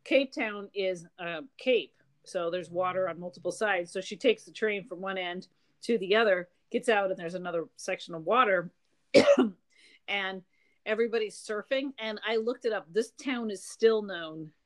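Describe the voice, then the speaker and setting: A woman's voice: mid-range voice, moderate pace. A woman co-hosting a podcast, casually retelling a story's plot with chatty asides. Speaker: podcast co-host. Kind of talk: casual book chat.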